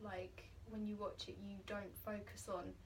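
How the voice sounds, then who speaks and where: A woman's voice: mid-range voice, flat delivery, measured pace. A young woman in a casual drama class discussion, talking hesitantly with many fillers and restarts. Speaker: drama student. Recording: voice from a distance with faint background noise.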